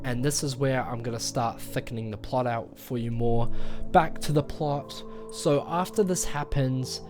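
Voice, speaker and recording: A man's voice: medium pitch, a little slow, music in the background. A man giving a casual spoken movie review, rambling through the plot with lots of fillers and acted-out lines. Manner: rambling retelling with many fillers, acting out quoted lines.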